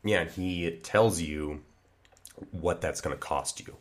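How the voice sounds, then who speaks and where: Man, extremely low voice, comedy podcast co-host, earnest, hesitant, filler-heavy. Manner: earnest, halting, many fillers and restarts. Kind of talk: improvised comedy podcast chat.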